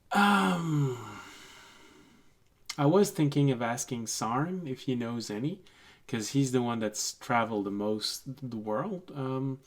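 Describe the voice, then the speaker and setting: A man acting as game master, narrating and speaking for characters, hesitant and full of pauses. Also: mid-range voice. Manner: hesitant, full of ums and restarts.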